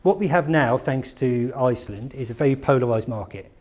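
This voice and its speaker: A man's voice: medium pitch, expressive, fairly quick, darkish tone. Man giving a chatty conference talk. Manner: conversational, asks the audience questions, self-deprecating asides. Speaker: conference speaker. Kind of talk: conference presentation. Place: conference room.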